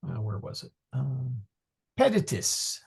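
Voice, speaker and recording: A man teaching a Latin class, unhurried, often pausing to hunt through his notes and muttering asides to himself. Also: medium pitch, wildly swooping pitch, creaky, a little mellow, husky.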